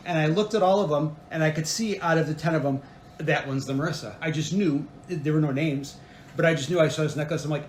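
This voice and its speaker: A man's voice: a little high, roomy sound, slight background noise. A man sitting in as co-host and talking in a casual, earnest way, often stopping to restart his sentences. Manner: earnest, grateful, halting with restarts. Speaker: co-host, husband. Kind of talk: casual conversation.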